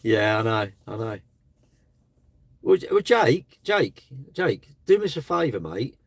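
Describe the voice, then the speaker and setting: A man's voice: mid-range voice, very animated, slow, gravelly, no echo. A man hosting a live stream, chatting bluntly and casually with his viewers. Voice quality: blunt, chatty, slangy delivery.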